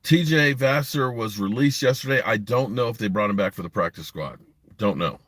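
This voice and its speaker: Guy doing a sports live stream off his phone in a driveway, blunt rambling rant, low dry voice. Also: expressive, normal speed, a bit bright, no room sound. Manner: blunt, rambling, frustrated, talks to live chat. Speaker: sports podcast host. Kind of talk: casual live-stream commentary. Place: parked in a driveway.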